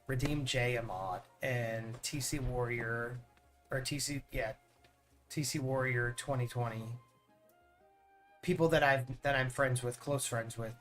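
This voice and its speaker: A man with a mid-range, fairly bright voice chats casually on his live stream. He rambles earnestly and often repeats words as he starts a thought.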